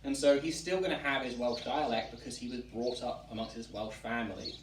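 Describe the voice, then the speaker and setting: A man from England hosting a relaxed chat, explaining at length with frequent ums. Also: medium pitch, a little fast. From England (Wiltshire). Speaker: museum director and host. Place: historic tavern room, indoors. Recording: roomy, distant mic, faint background noise.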